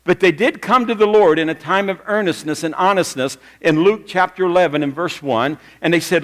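A man's voice: high voice, brisk, hardly any pauses, fairly bright tone. Male pastor preaching in a reverberant church. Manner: conversational storytelling, direct questions to the congregation. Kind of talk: sermon. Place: church sanctuary with a congregation. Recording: long reverb of a church hall.

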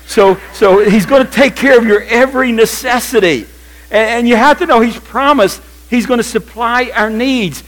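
Older pastor preaching with humor. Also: male voice, high-pitched, rough recording. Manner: humorous, animated preaching with acted quotes. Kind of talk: sermon. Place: church.

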